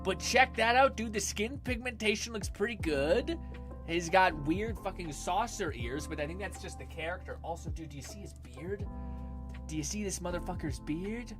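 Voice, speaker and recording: Over music, a young man with a high voice and moderate pace chats through his gaming livestream as its host. The talk is rambling and casual, heavy on swearing and laughter.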